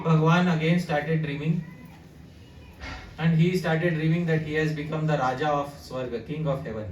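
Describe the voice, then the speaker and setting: Animated man giving a sermon in an echoey room. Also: on the high side. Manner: animated, addresses the audience with questions. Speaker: devotional speaker. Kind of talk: storytelling sermon. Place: living room at a house gathering. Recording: echoey room, distant mic, faint hiss.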